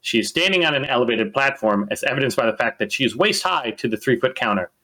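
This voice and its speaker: A man's voice: mid-range voice, expressive, fast, sharp tone. A man narrating as game master of a tabletop game, in a casual, rambling way full of fillers.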